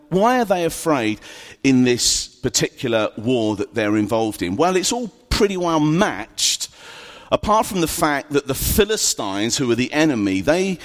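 A man preaching in a casual, storytelling way, tossing in humorous asides. His pitch swings up and down with lively energy. The sound carries a long, echoing reverb, as in a large hall. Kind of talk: sermon.

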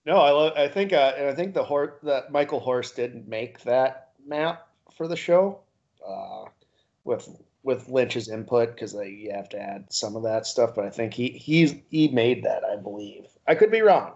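A man co-hosting a podcast, chatting casually and laughing between loose, profane theories. His voice sits at a middling pitch. The recording is dull and lo-fi. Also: expressive, a little slow, a little mellow. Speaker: podcast co-host. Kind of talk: casual chat.

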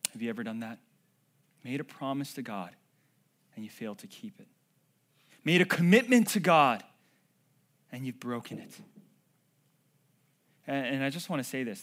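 A man preaching a sermon, swinging from loud, emphatic declarations to hushed, quiet passages as he addresses the congregation directly. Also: medium pitch. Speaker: pastor.

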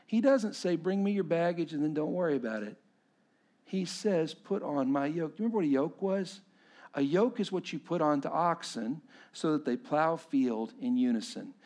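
A middle-aged man preaching a sermon as a pastor, swinging between loud emphatic passages and hushed, intense appeals. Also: fairly high pitch.

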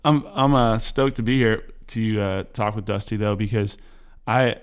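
A man hosting a podcast in a relaxed, joking way, with lots of fillers and restarts. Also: lowish voice, normal speed, smooth. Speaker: podcast host. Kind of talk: casual interview chat.

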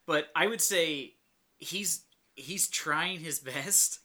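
Man, podcast co-host, wry and laid-back, very bright voice, slightly high. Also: slow pace. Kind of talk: casual movie review chat.

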